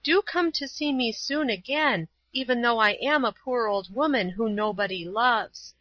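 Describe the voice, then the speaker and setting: A woman's voice: a little high, normal speed, pushed and bright, no echo, highs cut off. A woman playing a forlorn, humble old woman. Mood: sad, humble. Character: poor lonely old woman, timid and forlorn.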